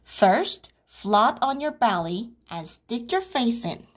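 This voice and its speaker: A woman's voice: fairly high pitch, expressive, slow pace, slightly rough, exaggerated voice. A woman voicing a patient mother frog who coaxes and encourages. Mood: instructing. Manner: coaxing, encouraging.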